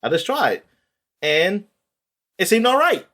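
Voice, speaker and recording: A man co-hosting a podcast in casual chat, retelling things in a rambling, animated way with lots of fillers and the odd swear word. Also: high-pitched, takes it slowly. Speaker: podcast co-host.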